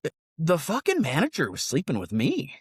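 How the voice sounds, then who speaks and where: Profane, rambling male podcast co-host in his forties, lively pitch, dry close sound. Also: moderate pace, husky, dry recording. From United States. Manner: profane, rambling, animated storytelling. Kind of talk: casual storytelling chat.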